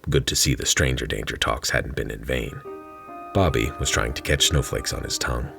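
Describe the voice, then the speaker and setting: A man narrates his own fantasy short story with a dry, wry delivery. His voice is extremely low and gravelly. Faint music plays beneath the reading. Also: normal speed.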